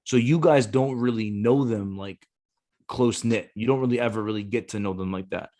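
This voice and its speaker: A man's voice: on the low side, moderate pace, mellow. A man, a Marine gunnery sergeant and former recruiter, talking casually on a podcast, blunt and cursing freely as he acts out the voices in his stories.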